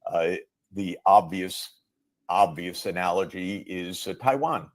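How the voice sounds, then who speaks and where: A man giving measured foreign policy analysis, pausing often on "uh" between phrases. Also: low-pitched, no room sound. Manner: measured, with frequent hesitant "uh"s.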